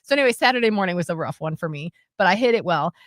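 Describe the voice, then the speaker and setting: A woman's voice: fairly low pitch, racing, no room sound. Chatty woman co-host, dry close voice. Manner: chatty, self-mocking, animated retelling. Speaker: radio co-host. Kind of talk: casual storytelling chat. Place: radio studio.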